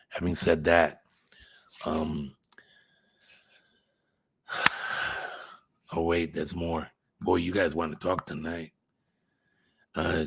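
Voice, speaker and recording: Low gravelly casual livestream host man. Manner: rambling, swearing, thinking aloud. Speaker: channel host reading live chat.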